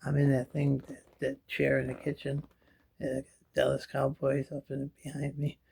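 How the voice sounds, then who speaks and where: A man's voice: mid-range voice, monotone, normal speed, gravelly, darkish tone, slightly rough. A middle-aged man with missing teeth, rambling to camera in a chatty home vlog from a kitchen chair, often trailing off into a mumble. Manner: chatty, drifting asides, often dropping to a mumble. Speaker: vlogger. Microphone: camera in front of him.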